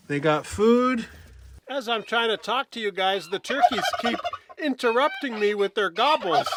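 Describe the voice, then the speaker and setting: In a very noisy outdoor walk-and-talk vlog, a very high-pitched man tours his farm, addressing the camera and chatting with his animals. Gobbling turkeys and poultry noises fill the background.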